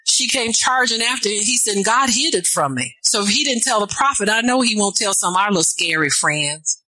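Animated and brisk, a woman of medium pitch preaches, reading scripture and answering it with call-and-response asides that rise to fervent near-shouts. There's no echo, but the recording quality is low.

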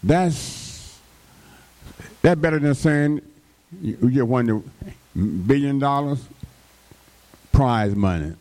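A male preacher delivers a sermon at an unhurried, drawn-out pace. He keeps stopping to toss out call-and-response interjections to the congregation, his voice sitting at an ordinary middle pitch. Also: animated, a little mellow.

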